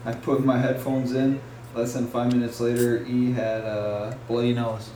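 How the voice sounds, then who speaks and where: A woman with a strikingly deep, low voice co-hosts a casual chat podcast and chimes in with dry wisecracks. Her voice rings in an echoey room with a faint hum behind it. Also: little pitch movement, normal speed, warm tone. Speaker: podcast co-host.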